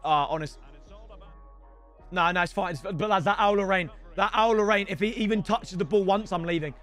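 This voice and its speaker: A young man streaming a football game, loud and excitable, breaking into shouts. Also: high-pitched, moderate pace, soft background music. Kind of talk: excitable gaming livestream.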